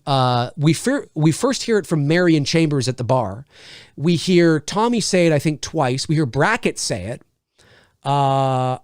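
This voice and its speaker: A man talks through a film review in a casual, thinking-aloud way, often restarting his sentences mid-thought. His voice sits a little high for a man and moves through a wide, animated pitch range. The sound is close and dry, with no room around it. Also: dry recording.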